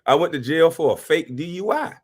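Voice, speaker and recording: Animated, profane man on a livestream. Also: on the high side, brisk, breathy edge. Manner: animated, profane, gives shout-outs to chat. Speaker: livestream reaction host. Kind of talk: live reaction commentary.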